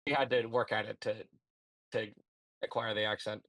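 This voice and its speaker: A man in casual online voice chat, speaking in a hesitant, measured way with frequent restarts. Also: on the low side, fairly even intonation, a bit bright, no echo. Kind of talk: casual chat over a video call.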